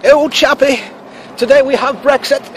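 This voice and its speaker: A man putting on an exaggerated British accent, playing a pompous, cheery British gentleman. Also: very high-pitched, fairly even intonation, moderate pace, slight background noise, voice pushed up. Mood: mock-posh. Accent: put-on British. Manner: exaggerated, pompous, sing-song.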